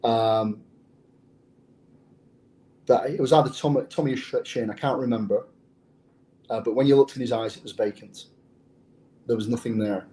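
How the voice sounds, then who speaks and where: A man's voice: mid-range voice, normal speed, pauses often, dark tone, rough recording. An English man who is a former undercover police officer, telling a story in an interview in a blunt, profane way. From England.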